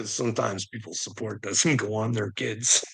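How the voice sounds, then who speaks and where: A man's voice: on the low side, a little slow, creaky, fairly bright tone, husky. A man ranting in a rambling monologue to his viewers, swearing constantly and breaking into frequent nervous laughs. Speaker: vlogger.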